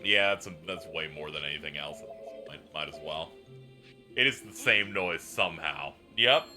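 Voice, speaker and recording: A man chatting casually on a livestream, telling stories with animated quoted voices. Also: extremely low pitch, normal speed, soft background music. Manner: animated storytelling, acts out quotes. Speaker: streamer.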